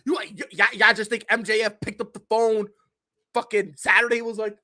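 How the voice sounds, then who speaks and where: A man's voice: sits high, flat delivery, fairly quick, sharp tone. A man hosting a podcast, ranting in a casual, heated and profane way with lots of swearing. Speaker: podcast host.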